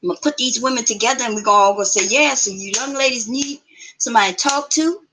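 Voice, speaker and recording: A woman's voice: a little high, fast talker, noisy background. A middle-aged woman hosting a live show, chatting casually and bluntly with viewers, swearing now and then. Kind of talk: casual live-stream chat.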